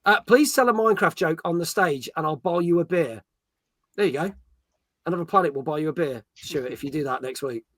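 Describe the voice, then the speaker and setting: A man's voice: a little high, fairly quick, fairly bright tone, no echo, clean studio sound. A man hosting a casual gaming live stream, joking and reading viewer comments aloud. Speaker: podcast host reading chat.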